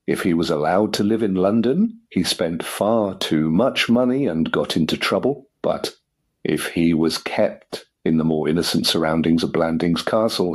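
A man narrating an audiobook in a measured, clear storytelling manner. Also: deep voice.

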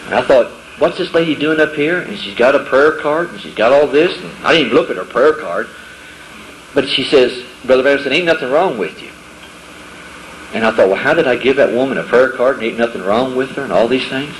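A middle-aged man tells homespun testimony stories at a camp meeting, slipping into the voices of the people he quotes. His voice sits at an ordinary pitch and carries the echo of a large hall. A faint murmur of ambience hangs behind him. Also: expressive, brisk, a little hiss or hum. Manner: storytelling, acts out quoted voices, folksy grammar. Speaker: preacher giving a testimony. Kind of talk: folksy testimony to young people.

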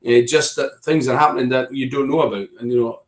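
Middle-aged scottish guy, politician on an interview, rambly, keeps restarting, mid pitch. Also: fairly even intonation, fast talker. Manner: discursive, with frequent restarts and repeated words. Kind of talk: conversational political discussion.

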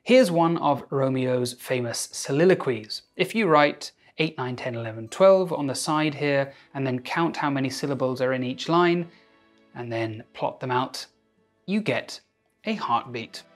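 A man's voice: mid-range voice, unhurried, faint music behind. Wry man narrating a science essay. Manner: wry, self-mocking asides. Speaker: doctor and video essayist. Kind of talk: scripted educational narration.

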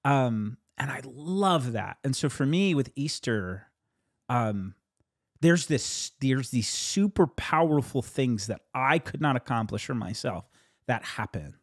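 Pastor, male, mid-pitched, lively swings in tone, laughy storyteller, dry close sound. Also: slow, dry recording. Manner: animated storyteller, laughs often, jumps up in pitch for quoted voices. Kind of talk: casual conversation about a sermon.

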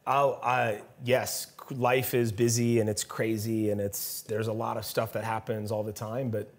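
Low-voiced chatty chef storyteller. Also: male voice, level tone, a little slow. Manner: chatty storyteller, laughs often, frequent restarts. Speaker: chef doing a cooking demo. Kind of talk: casual cooking demo chat.

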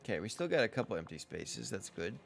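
While playing a survival game, a man gives casual let's-play commentary, chatting to himself and the game's characters and yelping when startled. His voice is lowish and creaky, very animated and fast, with slight background noise.

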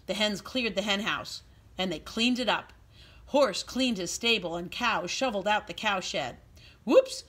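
A woman preschool teacher reading a storybook aloud to young children in an expressive, sing-song way. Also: medium pitch, a little slow.

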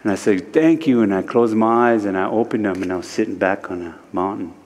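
A man from Standing Rock, a guest speaker at a church service, telling a spiritual story slowly, with many repeated "he said" lines. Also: fairly low pitch, steady tone, big-room sound. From Standing Rock, United States. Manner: slow and repetitive, retelling speech with many "he said".

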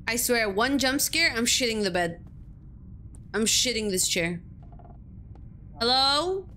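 A woman's voice: medium pitch, lively intonation, measured pace, long pauses, fairly bright tone, slight background noise. A young woman streaming a horror game, jumpy, swearing freely and talking back at the game as she plays. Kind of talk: live-streamed gameplay commentary.

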